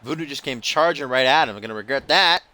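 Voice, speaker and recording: A man calling a wrestling video game play by play, cracking jokes and drifting into rambling asides. His voice is bright and forward, sitting at an ordinary middle pitch for a man. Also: fast talker, no room sound. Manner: joking, rambling, playful asides. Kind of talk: play-by-play commentary over gameplay.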